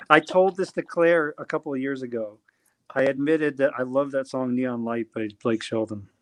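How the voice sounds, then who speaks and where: A man's voice: medium pitch, normal speed, a bit bright, dry recording. Rambling, hesitant male singer-songwriter. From New Jersey. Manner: rambling and hesitant, many fillers and restarts. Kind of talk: casual interview chat.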